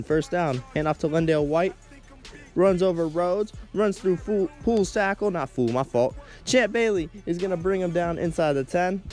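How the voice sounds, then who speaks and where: A teenage boy provides play-by-play commentary over his football video game, often stumbling over his words, apologizing, and making self-deprecating asides. His voice is on the high side and a little mellow, with game music in the background.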